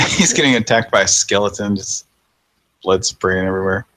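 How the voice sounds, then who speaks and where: A man's voice: fairly low pitch, moderate pace, bright, forceful tone, no room sound. A man in his thirties hosting a late-night live show, tired and yawning, chatting casually and chuckling as he thinks aloud. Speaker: podcast host.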